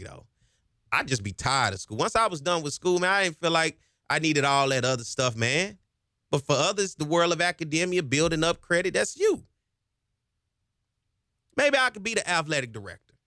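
A man's voice: fairly high pitch, sharp tone, no echo, clean studio sound. A man hosting a talk radio show, speaking with passion and getting himself hyped up as he goes. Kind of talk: energetic talk radio monologue. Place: radio studio. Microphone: studio microphone.

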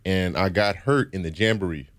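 In an interview, this young man from Baton Rouge, Louisiana, who used to play football, recounts his story earnestly and thoughtfully. He speaks low-pitched at a moderate pace, often saying "you know."

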